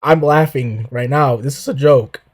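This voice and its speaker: A man's voice: medium pitch, normal speed. A man on a voice call, bluntly pressing his guest for answers and brushing her off. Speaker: interviewer on a voice call. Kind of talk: heated argument on a voice call. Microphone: computer mic on a voice call.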